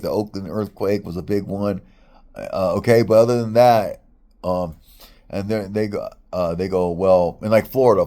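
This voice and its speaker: Fairly low in pitch and dark in tone, the middle-aged US vlogger spins a lengthy, irritated story as a casual rant. It rambles, it's profane, and he restarts often.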